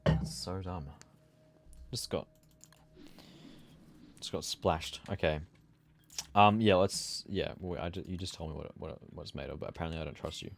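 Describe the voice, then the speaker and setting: A man's voice: deep voice, steady tone, moderate pace, vocal fry, pauses often, noisy background. A sleepy young man streaming a game, chatting casually and rambling as he trails off into mumbles. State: sleepy, yawning. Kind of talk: casual gameplay chat.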